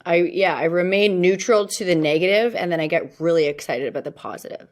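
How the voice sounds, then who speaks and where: A woman's voice: lowish voice, fairly quick, a little mellow. A woman being interviewed as a real estate agent, self-assured and upbeat, often laughing at her own lines. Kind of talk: casual interview talk.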